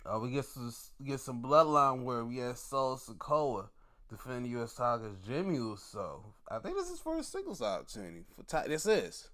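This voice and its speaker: A man reviewing wrestling shows in casual commentary, excitable and profane, often putting on mock outrage. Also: mid-range voice, normal speed.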